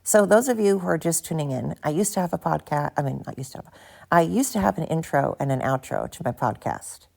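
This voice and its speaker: A woman's voice: deep voice, expressive, brisk, gravelly, mellow. A tired woman hosting a casual solo podcast, rambling and swearing cheerfully at herself, recorded into her phone. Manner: rambling, profane, self-mocking. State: tired, barely awake. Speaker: podcast host. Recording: phone recording with background noise.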